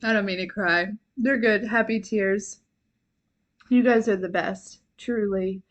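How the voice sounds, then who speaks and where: A young woman hosting a live stream, chatting warmly and rambling, giggling and at times tearful with gratitude. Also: medium pitch, fairly even intonation, unhurried. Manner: chatty, rambling with many fillers. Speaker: livestream host and intuitive reader. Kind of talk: casual livestream chat.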